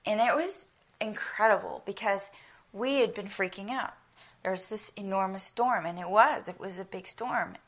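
A middle-aged South African woman with an American accent preaches a sermon built on personal stories. Her mid-range voice moves at a normal pace, and her delivery is earnest and emphatic.

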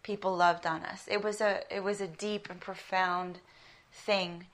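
A woman's voice: fairly low pitch, flat delivery, a little slow. A middle-aged woman from South Africa with an American accent, preaching an earnest sermon built on personal stories. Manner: earnest, emphatic, storytelling.

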